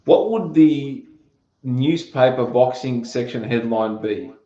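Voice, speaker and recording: A man's voice: medium pitch, takes it slowly, warm tone, slight background noise. A man hosting an interview, asking questions in an easygoing, casual way. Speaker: podcast host. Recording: roomy, muffled lo-fi sound.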